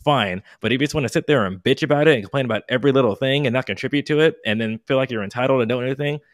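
A man's voice: mid-range voice, dry recording. A man in his thirties in casual podcast chat, telling a long story with lots of fillers and restarts, acting out his own past lines with heat. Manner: rambling, halting, full of fillers and restarts.

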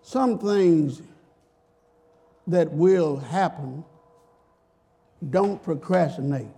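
A pastor's sermon features drawn-out words and a creaky voice with a breathy edge. Folksy and emphatic, he moves between shouting and murmuring low, and acts out quotations in a high pitch.

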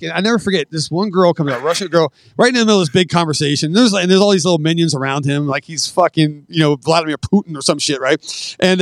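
A middle-aged man who is a podcast guest, telling casual stories full of swearing and acting out the dialogue with animated energy. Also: on the high side, no room sound. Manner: profane, animated anecdote-telling that acts out quoted dialogue. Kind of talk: casual storytelling.

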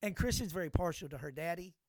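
A man's voice: fairly high pitch, quick pace, no room sound, clean studio sound. An older man co-hosting a podcast, telling stories in a rambling, profane way with many restarts. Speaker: podcast co-host. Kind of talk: casual chat.

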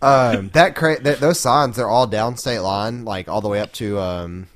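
Lower-voiced, blunt co-host. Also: male voice, measured pace. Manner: blunt, profane. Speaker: podcast co-host. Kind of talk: casual chat.

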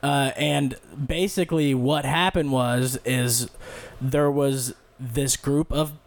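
A young man on a podcast casually telling a rambling, profane story and loudly acting out the people in it. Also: mid-range voice, steady tone, takes it slowly. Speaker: podcast co-host.

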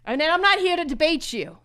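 A woman's voice: high-pitched, sharp tone, exaggerated voice. A woman doing a comic impression of a rambling, self-promoting male poker show host who keeps repeating himself. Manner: rambling, repetitive, mock sponsor plugs. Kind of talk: comedic impression sketch.

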